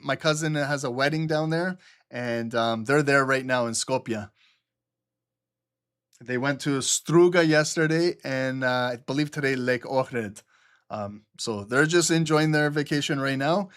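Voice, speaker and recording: A man's voice: a little high, fairly bright tone. A man hosting a trading livestream, explaining the market live and often checking in with "okay?" while answering viewer chat.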